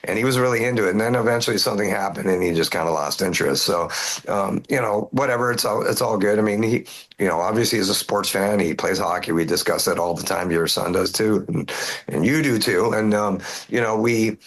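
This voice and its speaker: A man's voice: lowish voice, fairly quick, a bit bright. A middle-aged man, a rock singer being interviewed, talking casually with lots of fillers and restarts. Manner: rambling, many fillers and restarts. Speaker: metal band singer, guest.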